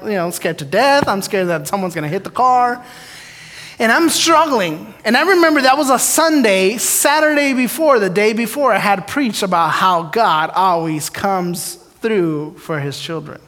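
A man's voice: high-pitched, lively intonation, normal speed, a bit bright. A man preaching a storytelling sermon, who acts out his prayers and the dialogue in his stories. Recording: long hall reverb.

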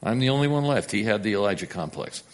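A man preaching a sermon, telling the story with big swings from loud and emphatic to hushed. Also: lowish voice, lively intonation, fast talker.

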